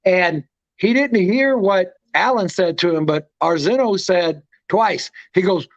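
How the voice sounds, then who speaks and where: A man hosting a casual livestream chat, talking with excitement and telling stories. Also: sits high, measured pace. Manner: excited, storytelling, drops names. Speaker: show host. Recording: dull lo-fi stream audio.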